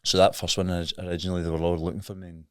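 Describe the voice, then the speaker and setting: Deep-voiced Scottish man, frank and earnest. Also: level tone, very fast, dry recording, studio quality. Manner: earnest, frank, plain-spoken storytelling. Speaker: podcast guest. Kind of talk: candid recovery story in conversation.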